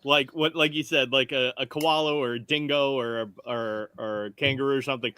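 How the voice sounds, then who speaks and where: A man's voice: medium pitch, fairly even intonation, fairly quick, sharp tone, clear, resonant tone. A man talking casually as a tabletop game player, spinning jokey stories with casual swearing. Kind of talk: casual chat.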